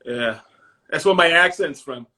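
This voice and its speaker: Middle-aged man, Maine accent, bright voice, rambling casual guest who laughs a lot. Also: on the high side, lively intonation, a little slow. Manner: rambling, laughs often, many fillers. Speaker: guest, finisher. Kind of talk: casual chat.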